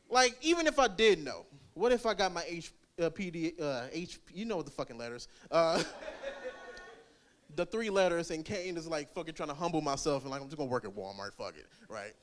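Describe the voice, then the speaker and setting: A young man doing rambling, crude stand-up at an open mic, laughing at his own jokes. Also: a little high. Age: young adult. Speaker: stand-up comic.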